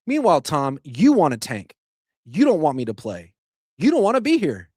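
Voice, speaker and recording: Animated sarcastic man, dry close mic. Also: fairly high pitch, normal speed, no echo. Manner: animated, sarcastic, swings loud for emphasis. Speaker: sports podcast host. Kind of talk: opinionated solo sports commentary.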